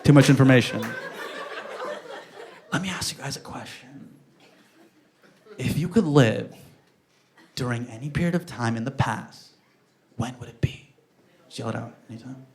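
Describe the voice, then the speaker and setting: A man's voice: mid-range voice, moderate pace, long pauses, slight background noise. A young man performing a stand-up comedy set, telling self-mocking stories and acting out the dialogue. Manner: animated, self-mocking storytelling with acted-out dialogue.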